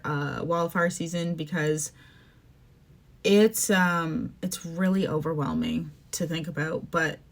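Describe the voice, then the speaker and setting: A young adult woman from Canada hosting a podcast, ranting casually and with emotion, full of "like" and "um". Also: on the low side. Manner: emotional, fast-shifting, says "like" and "um" often. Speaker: podcast host. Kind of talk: casual opinion rant.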